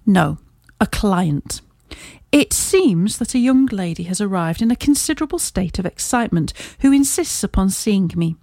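Crisp formal victorian detective guy, sure of himself, mellow dry read, woman reading it. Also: medium pitch, expressive, moderate pace, dry recording. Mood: brisk. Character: brisk, confident male Victorian detective.

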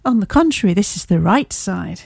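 A woman reading aloud, voicing a sharp, amused male detective who talks down to a police inspector with dry teasing. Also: medium pitch, expressive, moderate pace, vocal fry, husky, no room sound. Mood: amused, lofty.

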